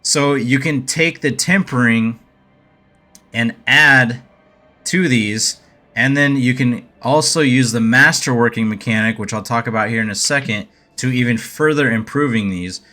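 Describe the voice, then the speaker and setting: Hesitant man with a bright voice. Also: medium pitch, measured pace, faint music behind. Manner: hesitant, thinking aloud while clicking through slides. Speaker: gaming video creator. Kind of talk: casual game update overview.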